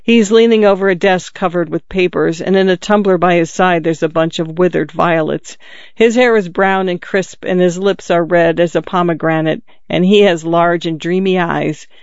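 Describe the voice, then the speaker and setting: A man's voice: sits high, steady tone, moderate pace, clear, resonant tone, dry recording. A man voicing a sorrowful, tender statue prince. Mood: pleading. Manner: pleading, tender repetitions. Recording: dull lo-fi, dry.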